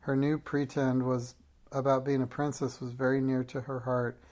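An audiobook reader narrates a classic children's story in a flat, steady voice. The pitch barely moves, and the reading is measured and plain. Small slips now and then show it is read aloud live.

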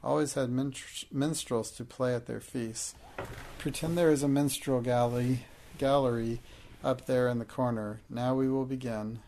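A man's voice: medium pitch, fairly even intonation, measured pace, warm tone, a little hiss or hum, lightly acted. Man reading as a dreamy, gracious young girl. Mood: grand. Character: imaginative, gracious young girl who loves pretending.

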